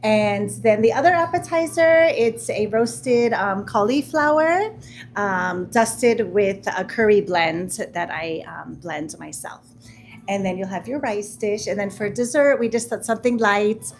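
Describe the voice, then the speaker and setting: A woman's voice: mid-range voice, measured pace, soft background music. A woman, a restaurant owner and chef, explaining a menu to guests in a friendly way, with many hesitations.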